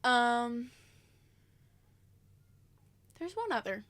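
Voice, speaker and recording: A woman's voice: fairly high pitch, sing-song, unhurried, a bit bright. A woman co-hosting a podcast, chatting enthusiastically and searching for words now and then. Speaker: podcast co-host. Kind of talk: casual chat among friends.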